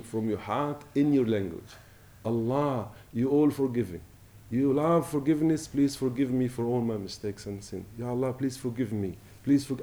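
Man, middle-aged, preacher, passionate rise and fall, mellow tone. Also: mid-range voice. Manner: impassioned, rising and falling, recites Arabic quickly. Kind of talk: Ramadan sermon.

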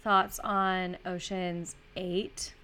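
A woman co-hosting a podcast, casually leading the talk about movies with easy laughs. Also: lowish voice. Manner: relaxed, leads topics, quick laughs. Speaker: podcast co-host.

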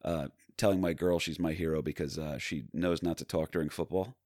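A man's voice: extremely low pitch, steady tone, a little fast, darkish tone, no echo, clean studio sound. A man from New Jersey, a stand-up comedian guest on a podcast, rambling through self-mocking stories. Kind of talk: casual chat.

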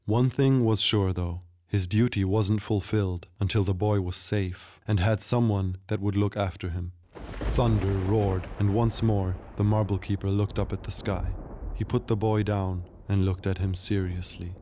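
Man, storyteller, low voice, measured, scripted narration. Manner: measured, steady storytelling delivery.

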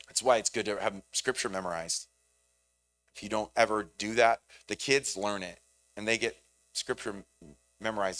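A man preaching a sermon in a conversational, animated way, often repeating words as he thinks. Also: on the low side. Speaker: pastor.

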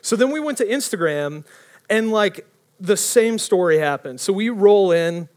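A young man preaching a casual storytelling sermon, animated and rambling, often breaking off mid-sentence. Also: high-pitched, measured pace. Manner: animated, rambling, self-interrupting.

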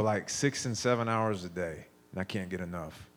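Lower-voiced man preaching a sermon. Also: fairly even intonation, moderate pace, hardly any pauses, darkish tone. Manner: storytelling, conversational, with restarts.

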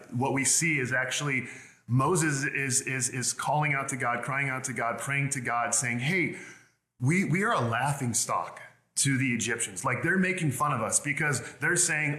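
A man delivers a sermon with an earnest, forceful brightness in his voice. He often restarts and repeats words as he presses his points. The sound is roomy with a noticeable echo. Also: medium pitch. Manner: earnest preaching with frequent word repeats. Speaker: pastor.

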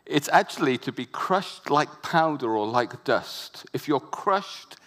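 A man preaching a sermon with passion, repeating words for emphasis and building to loud, emphatic peaks. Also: a little high, animated, takes it slowly.

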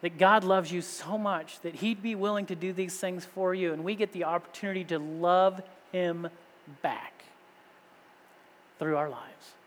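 A man's voice: high voice, fairly even intonation, unhurried. A man in his thirties, a pastor, preaching a sermon with rising rhetorical questions. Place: church sanctuary. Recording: long reverb of a large hall.

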